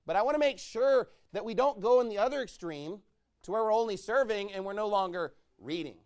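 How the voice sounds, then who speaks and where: Pastor, male, high voice; sermon delivery, slow scripture reading, sharp jumps from soft to shouting. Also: animated. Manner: swings between loud shouted exhortation and low quiet asides; reads scripture in slow, drawn-out cadence.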